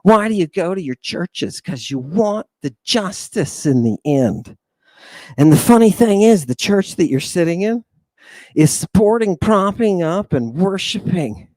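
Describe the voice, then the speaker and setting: A man's voice: sits high, slow pace, dry recording. A man lecturing on scripture in an impassioned, preacherly way, sighing often, with sarcastic asides, and forever asking his listeners "right?". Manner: animated, preacherly, keeps addressing listeners as "people" and asking "right?". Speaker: host.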